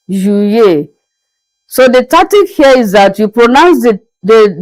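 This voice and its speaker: A woman teaching a French lesson, speaking slowly and repeating each word carefully for her learners. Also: medium pitch, a little mellow, no echo, poor audio. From Nigeria. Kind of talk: classroom language lesson.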